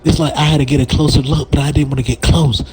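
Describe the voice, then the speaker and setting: A man's voice: on the high side, steady tone, fast talker, noisy background. A man telling a story from school in a casual chat with a friend, slangy and exaggerated, laughing as he goes.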